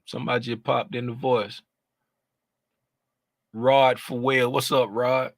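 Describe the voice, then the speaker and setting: Medium-pitched and a bit bright, a man mentors viewers on trading during a casual livestream, captured in a dry recording. He rambles easily through explanations, leaning heavily on "you know what I'm saying."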